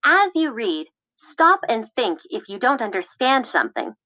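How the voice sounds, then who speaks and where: Female lesson narrator, bright and expressive, teacherly, slightly dull lo-fi audio. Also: on the high side, no room sound. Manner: clear, teacherly, measured. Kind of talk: scripted classroom instructions.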